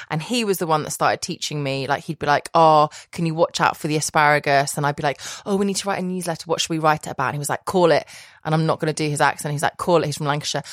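A woman's voice: sits low, dry recording, clean studio sound. A woman guest telling a long rambling story in casual chat, laughing often and correcting herself. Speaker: podcast guest, private chef.

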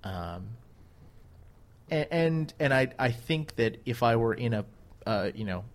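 A man's voice: mid-range voice, expressive, a little slow. A man co-hosting a casual chat, rambling and hedging with many fillers and restarts. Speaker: podcast co-host.

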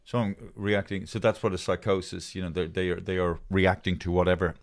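A man's voice: deep voice, a little fast. A man, co-hosting a casual chat podcast, telling stories animatedly and putting on voices. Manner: animated storytelling, puts on voices, laughs. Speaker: podcast co-host.

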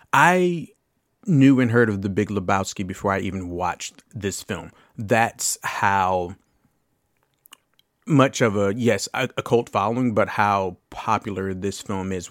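Chatty late-30s man, low voice. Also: no room sound, studio quality. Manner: chatty and loose, with asides, curse words and laughter. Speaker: podcast host. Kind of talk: casual film review chat.

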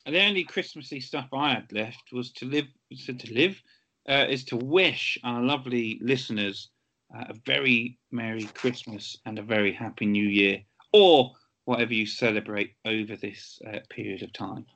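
A man's voice: medium pitch, moderate pace, a bit bright. A man co-hosting a podcast, speaking in a dry, wry manner in casual chat. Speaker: podcast co-host.

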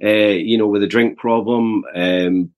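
Low-voiced Glaswegian man in his forties. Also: fairly even intonation. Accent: Glaswegian Scottish. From Scotland. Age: 40s. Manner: earnest, halting, often repeats words as he restarts. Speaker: podcast guest. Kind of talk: casual conversation, telling his life story.

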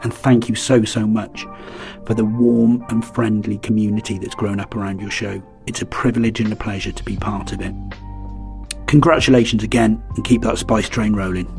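Polished, gracious man, low-ish voice. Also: fairly even intonation, moderate pace, gravelly, darkish tone, soft background music. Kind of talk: recorded congratulation message.

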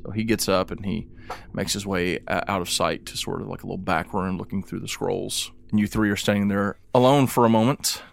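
A man acting as game master, explaining rules and narrating scenes in a relaxed way. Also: deep voice, brisk, gravelly. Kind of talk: running a tabletop game.

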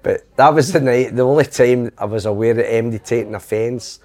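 A man's voice: medium pitch, moderate pace, a little mellow. A middle-aged Scottish man telling rambling comic anecdotes, slipping into quoted voices. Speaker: comedian guest. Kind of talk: casual storytelling.

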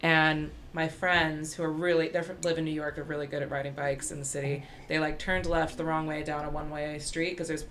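A woman's voice: sits low, a little fast, few pauses, slight background noise. Young woman telling a story, laughing. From United States. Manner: animated storyteller, laughs through her lines. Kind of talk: casual chat, storytelling.

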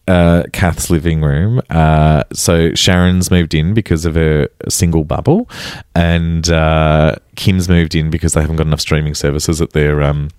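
A man, a comedian guest chatting in a podcast interview as an animated storyteller. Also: very deep voice, a little slow, clear, resonant tone, no room sound, clean studio sound.

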